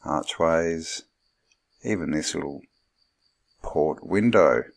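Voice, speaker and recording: A man with a very low, gravelly voice talks through old pictures. His commentary wanders loosely as he thinks aloud, padded with plenty of fillers. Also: slow pace. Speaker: channel host. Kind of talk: musing commentary over old photographs.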